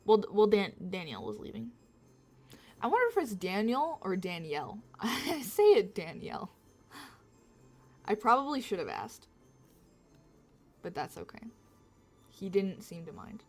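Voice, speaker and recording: A woman's voice: mid-range voice, sing-song, unhurried, pauses often. Chatty woman livestreamer, faint music behind. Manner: rambling, self-mocking, talks to chat. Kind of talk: casual chat with stream viewers.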